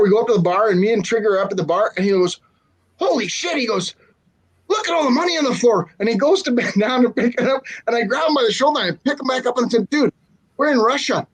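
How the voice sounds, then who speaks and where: Higher-voiced man sharing a relaxed story. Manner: relaxed anecdotal, with filler pauses. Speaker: podcast host. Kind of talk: casual chat.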